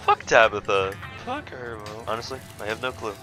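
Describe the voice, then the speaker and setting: A man doing let's play commentary, jokey and excitable, swearing freely while reading game text aloud. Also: on the low side, normal speed, few pauses, soft background music, poor audio. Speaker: gaming streamer.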